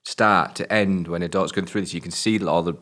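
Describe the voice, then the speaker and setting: Man, northern English accent, very deep voice, blunt, swears, casual film chat. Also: steady tone, brisk, fairly bright tone. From Britain. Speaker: film review podcast co-host.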